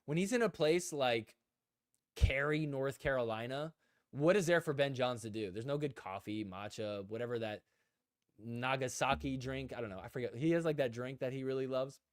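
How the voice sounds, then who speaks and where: Young adult man, live-stream host, casual storytelling, animated, dry close sound. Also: mid-range voice, normal speed, no echo. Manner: animated storyteller, acts out quotes, laughs often.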